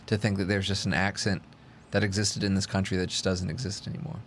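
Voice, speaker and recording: A man's voice: low voice, level tone, fast talker, slight background noise. A young man co-hosting a podcast, chatting casually and rambling through his thoughts. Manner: chatty, rambling, puts on mock old-timey announcer voices. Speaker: podcast co-host. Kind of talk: casual chat.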